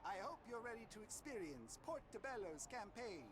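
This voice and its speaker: A man's voice: high-pitched, sing-song, moderate pace. A man voicing a flamboyant wizard game host, speaking with a put-on Italian accent in a theatrical, welcoming announcer manner. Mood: grandly welcoming. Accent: fake Italian. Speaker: in-game voiceover. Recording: game audio with clear background noise.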